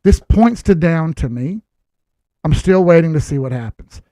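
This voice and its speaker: A man hosts casual market commentary, explaining charts in a blunt, lecturing way. He drops sarcastic asides along the way. His voice is high for a man, and the sound is dry and close. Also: lively intonation, normal speed, mellow, dry recording. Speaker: crypto chart analyst host.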